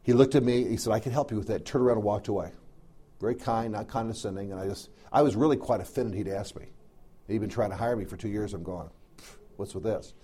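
A man's voice: fairly low pitch, warm tone, slightly rough. A middle-aged man preaching, telling a folksy personal story full of quoted dialogue. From American South. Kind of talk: storytelling sermon.

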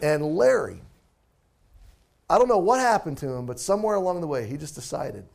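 A man's voice: on the high side, big pitch swings, brisk, creaky. Chatty storytelling pastor, a man. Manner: conversational, self-deprecating storyteller. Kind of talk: storytelling sermon.

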